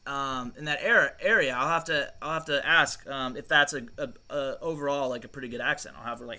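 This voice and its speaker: A podcast co-host talks briskly with few pauses in a medium-pitched, bright, forceful voice. His casual chat rambles along, full of swearing and frequent laughter.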